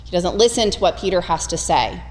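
A woman preaching a conversational, humorous sermon, retelling scripture with animated storytelling. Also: lowish voice, fairly quick, in a large hall.

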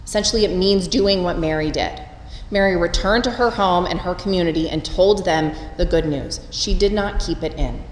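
Female preacher, expressive storyteller, church reverb, faint room hum. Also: normal speed. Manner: expressive, storytelling, lively pitch swings. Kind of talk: Easter sermon. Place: church sanctuary. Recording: roomy church with long reverb.

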